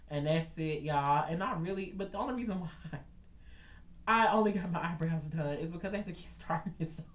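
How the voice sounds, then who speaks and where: A man telling a dramatic storytime vlog in an animated way, talking straight to his viewers. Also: fairly high pitch, brisk, echoey room. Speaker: vlogger.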